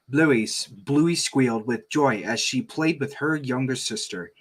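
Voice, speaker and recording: A slow-talking man hosts an online show and chats in a hesitant, unhurried way, full of small pauses and fillers. He also reads fan fiction aloud at the same easy pace. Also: medium pitch, breathy edge. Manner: slow, hesitant, lots of ums. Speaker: show host. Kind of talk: casual chat and story reading.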